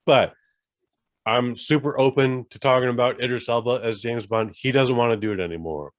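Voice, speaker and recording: A man's voice: medium pitch, moderate pace, no room sound, studio quality. A man in his forties co-hosting a podcast, rambling in casual chat and swearing now and then. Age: 40s. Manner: rambling, swearing, self-interrupting. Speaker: podcast co-host.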